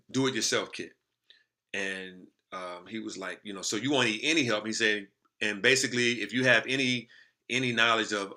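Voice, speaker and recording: A man telling a story to the camera in casual, slangy talk, lively and animated. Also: lowish voice. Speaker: motivational speaker.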